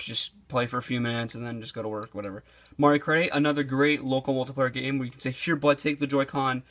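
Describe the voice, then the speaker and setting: Young guy reviewing gear at home, rambly and sweary, kinda losing his voice, mid pitch. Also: fairly bright tone. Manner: rambling and casual, swears often, many fillers. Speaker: video reviewer. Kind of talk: casual product review.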